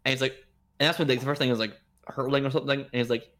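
A man's voice: mid-range voice, racing. A man co-hosting a casual podcast, retelling a movie plot in an incredulous, joking way. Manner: animated, incredulous retelling with laughs. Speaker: podcast co-host. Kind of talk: casual chat reviewing a movie.

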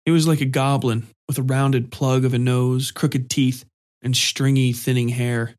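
Male narrator, steady even storybook read. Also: medium pitch, unhurried.

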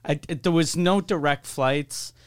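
A man co-hosting a podcast in casual chat, laughing often and asking quick questions. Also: on the high side, clean tone. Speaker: podcast co-host.

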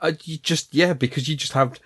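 A man's voice: on the high side, fairly even intonation, fairly quick, a bit bright, husky, no room sound, clean studio sound. A man chatting enthusiastically about a film, laughing often and restarting his sentences. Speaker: podcast film discussion panelist. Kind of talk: casual chat.

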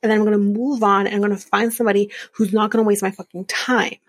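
A woman's voice: mid-range voice, level tone, fast talker, dry recording. A woman in her early thirties hosting a podcast, giving a blunt, profane, opinionated casual recap of a reality show. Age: early 30s. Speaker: podcast host.

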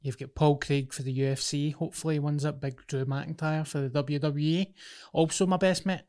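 A man's voice: fairly high pitch, fairly even intonation, fairly quick, darkish tone. Joking Scottish man telling anecdotes. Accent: Scottish, Glasgow area. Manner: joking, name-dropping anecdotes. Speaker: podcast co-host. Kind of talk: casual chat.

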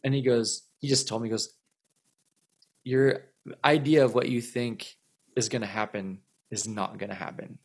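A man's voice: mid-range voice, steady tone, moderate pace, long pauses. Rambling man telling a story. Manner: rambling, repeats words, many fillers. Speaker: musician guest. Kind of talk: casual storytelling interview.

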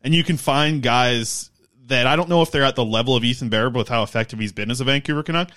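A man's voice: medium pitch, quick pace, sharp tone. A man co-hosting a casual sports podcast, working through stats and contract numbers. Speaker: podcast co-host.

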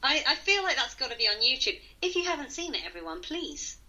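Bright, lively woman chatting. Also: high voice, quick pace, low-quality recording. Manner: giggly, self-mocking about her puns. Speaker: podcast co-host. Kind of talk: casual chat.

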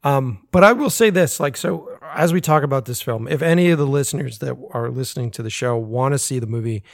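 Animated, swearing American man. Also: mid-range voice, a little fast, gravelly, no echo, clean studio sound. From United States. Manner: animated, swearing, laughs often. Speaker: filmmaker guest. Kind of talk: casual podcast chat.

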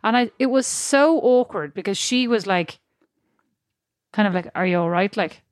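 A woman in her thirties co-hosting a casual chat, telling animated stories and laughing easily. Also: mid-range voice, normal speed, no room sound, clean studio sound.

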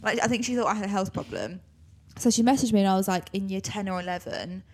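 A young woman from England, co-hosting a podcast, telling a story in a chatty, animated way. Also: mid-range voice, fast talker. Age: young adult. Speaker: podcast co-host. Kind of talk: casual chat.

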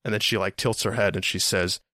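A man's voice: fairly low pitch, steady tone, fairly quick, bright, forceful tone, dry recording, clean studio sound. A man hosting a podcast, telling a story in a rambling, casual way, repeating words and swearing now and then. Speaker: podcast host.

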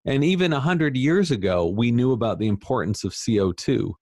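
A man being interviewed as an author, talking casually in an animated, emphatic, self-deprecating way. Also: medium pitch, fairly quick, no room sound, studio quality. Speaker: author guest.

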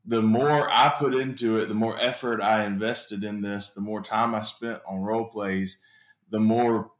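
A man's voice: on the low side, fairly even intonation, measured pace, echoey room. A man talking casually as a guest, often repeating words as he searches for them. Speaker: sales trainee guest. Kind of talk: casual chat.

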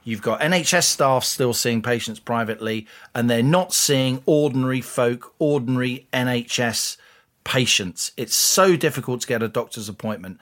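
A man's voice: mid-range voice, moderate pace, a bit bright. Blunt exasperated man. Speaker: podcast co-host. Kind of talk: opinionated casual chat.

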